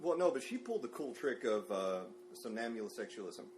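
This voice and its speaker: A man's voice: mid-range voice, big pitch swings, brisk. A man co-hosting a casual podcast chat, telling stories and laughing through them. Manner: storytelling, laughs through his own stories. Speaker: podcast co-host. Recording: humming background noise.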